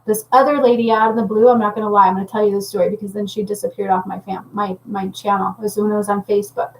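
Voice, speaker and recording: A woman's voice: mid-range voice, little pitch movement, fast, poor audio. A woman working as a spiritual healer and medium, talking casually and intensely to viewers on a livestream, rambling and often checking in with "okay?".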